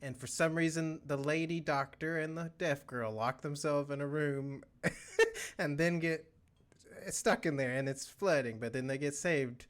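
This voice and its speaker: Man, podcast co-host, higher voice, giggly, rambling casual chat. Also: animated, measured pace, fairly bright tone. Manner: giggly, rambling plot recap.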